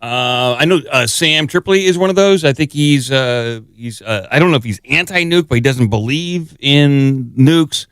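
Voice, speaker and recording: His voice is medium-pitched, clear and resonant, a bit bright, moving at a moderate pace with few pauses in a clean studio with no room sound. He co-hosts a podcast, chatting casually in a rambling, self-deprecating way packed with fillers.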